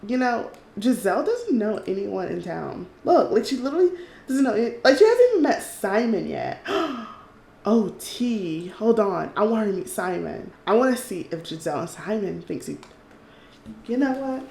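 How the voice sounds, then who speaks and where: Chatty woman with a gravelly voice. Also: mid-range voice, moderate pace, reverberant. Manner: chatty, excitable, swears, reads game text aloud. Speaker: let's play host. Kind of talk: casual gameplay commentary.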